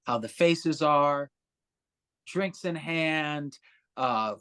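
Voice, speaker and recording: A man guest on a podcast, telling stories in a casual, animated way, swearing freely and acting out other people's voices. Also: a little high, extremely slow, clean tone. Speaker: musician guest.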